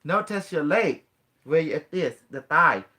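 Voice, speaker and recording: Expressive and a little slow, with a fairly high pitch and a sharp tone, a host coaches his guest step by step in a casual demonstration, full of laughter, gently persuasive, and grammatically non-native.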